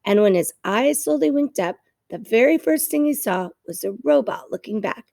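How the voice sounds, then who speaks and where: A woman reads a children's novel aloud in a steady, unhurried storytelling manner. Her voice is fairly high but mellow, with a gravelly texture, and the recording is dry and close. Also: no echo. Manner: steady storytelling, slight stumbles. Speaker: reader.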